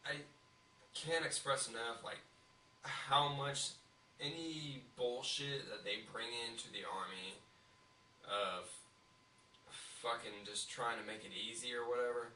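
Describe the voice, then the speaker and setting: Young dude with a really bright edgy voice, swearing casually, far from the mic in a roomy space. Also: male voice, mid-range voice, fairly even intonation, measured pace, pauses often. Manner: profane, blunt. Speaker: podcast co-host. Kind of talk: casual chat. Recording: echoey room, mic at a distance, faint hiss.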